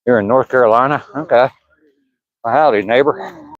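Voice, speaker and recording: A man's voice: medium pitch, normal speed, no echo. Older man, Southern accent, casual livestream walk outdoors, rambling and chuckly, dull dry phone sound. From Southern US, Georgia. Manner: easygoing, rambling, chuckling, reading chat aloud. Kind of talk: casual livestream chat while walking. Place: outdoors on a walking trail by pine woods. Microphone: phone camera held while walking.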